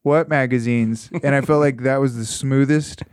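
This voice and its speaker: A man's voice: medium pitch, fairly even intonation, normal speed, a little mellow, clear, resonant tone, dry recording, clean studio sound. A young adult man co-hosting a podcast, telling crude stories and trading jokes. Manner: crude, joking banter. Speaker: podcast co-host. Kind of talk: casual storytelling chat.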